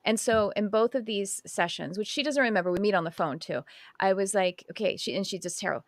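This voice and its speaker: Animated woman on a dry podcast mic. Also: mid-range voice, fairly quick, no room sound. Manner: animated, laughs often, acts out quotes. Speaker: podcast host. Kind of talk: casual spiritual podcast chat.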